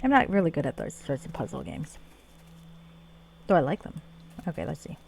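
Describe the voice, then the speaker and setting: A woman's voice: low voice, big pitch swings, moderate pace, creaky, a little hiss or hum. A woman streamer casually talking through a game and reading its dialogue aloud. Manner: chatty, reads dialogue aloud, laughs easily.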